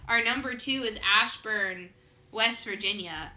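A young Midwestern American woman co-hosts a podcast, chatting casually and laughing often. Her mid-range voice is unhurried, pushed and bright, and the room is echoey with faint noise.

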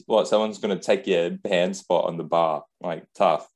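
A man's voice: low voice, fairly even intonation, normal speed, darkish tone. A young Australian man co-hosting a podcast in casual, rambling chat with many fillers. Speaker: podcast co-host.

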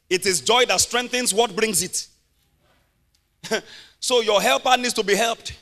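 A man preaching a sermon in a Nigerian English accent, laughing often and breaking into shouts. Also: sits high, unhurried, creaky, pauses often.

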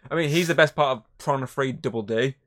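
A man's voice: mid-range voice, fast talker, a bit bright. A man co-hosting a podcast, chatting casually, rambling and swearing as he retells movie scenes. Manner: rambling, swears a lot, acts out scenes in voices. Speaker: podcast co-host. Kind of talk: casual chat.

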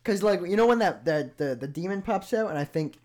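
A young man co-hosting a casual podcast chat, rambling, laughing easily and trailing off into quiet asides. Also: high-pitched, expressive, brisk. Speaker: podcast co-host.

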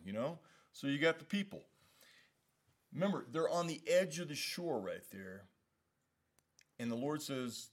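Lively casual man teaching scripture. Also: on the high side, moderate pace. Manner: conversational, animated, lots of "you know what I mean". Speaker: pastor. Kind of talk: casual Bible study teaching.

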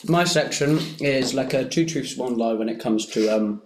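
A man's voice: mid-range voice, moderate pace. A man co-hosting a casual podcast with friends, joking and laughing a lot. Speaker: podcast co-host. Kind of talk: casual chat among friends. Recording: echoey room, faint noise.

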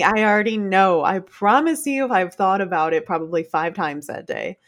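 A woman co-hosting a podcast in casual chat, chatty and laughing often, animated when she retells stories. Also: lowish voice. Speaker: podcast co-host.

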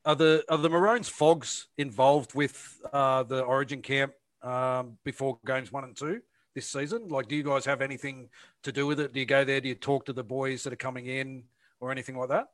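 A man's voice: medium pitch, steady tone, a little fast, dry recording. A man co-hosting a sports podcast, chatty and hesitant, with many fillers. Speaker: podcast co-host.

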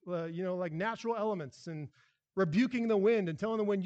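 A man preaching a sermon as pastor, animated and emphatic, with frequent restarts. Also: high-pitched, fast talker, big-room sound.

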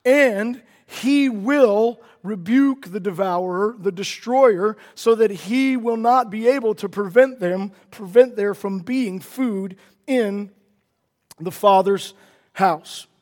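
A man's voice: sits high, slow pace, darkish tone, big-room sound. A man preaching a sermon earnestly, often repeating words and building to emphatic declarations.

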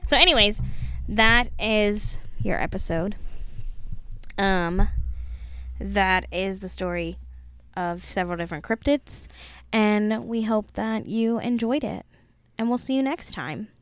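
A woman's voice: mid-range voice, slow, long pauses, a bit bright, smooth, no room sound. A woman in her twenties hosting a podcast in blunt, casual chat. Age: 20s. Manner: blunt, swearing, laughing. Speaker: podcast host.

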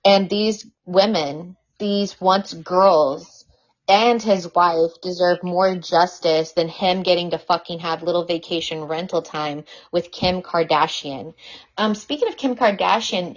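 A woman chatting as a podcast guest, animated and outspoken, with frequent swearing. Her voice sits fairly low. The recording is dull and lo-fi. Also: a little slow. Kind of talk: casual conversation.

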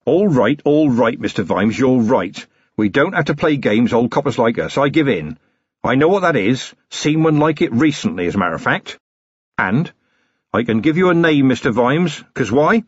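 A man's voice: mid-range voice, slightly rough, no echo, dull audio, pitched above the performer's own voice. A man doing a wheezy, grumbling old barkeep. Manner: coarse, grumbling working-class talk. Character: wheezy male ex-copper publican, sly and grumbling. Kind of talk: audiobook character reading.

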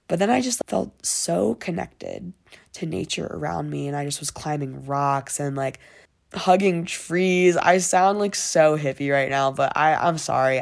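Give me a young woman with heavy vocal fry, chatting casually and rambling like a diary vlog. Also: sits low. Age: young adult. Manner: rambling, filler-heavy, frequent swearing. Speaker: vlogger. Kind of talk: casual diary-style chat.

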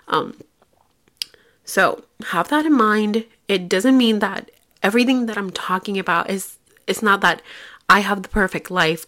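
A woman's voice: mid-range voice, pushed and bright. A woman therapist hosting a casual solo podcast, chatty and lighthearted with small jokes.

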